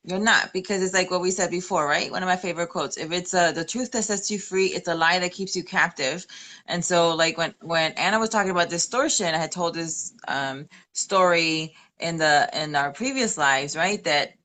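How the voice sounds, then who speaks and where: Earnest low-voiced woman telling a story. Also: normal speed, pushed and bright. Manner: earnest storytelling, slips in Spanish phrases. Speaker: co-host of a manifesting live stream. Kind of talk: casual testimonial chat.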